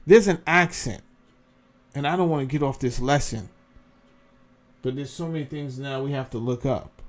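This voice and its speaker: At a normal speed and medium pitch, a male host chats informally while going through clips. He meanders, interrupts himself, and voices his thoughts as he looks things up.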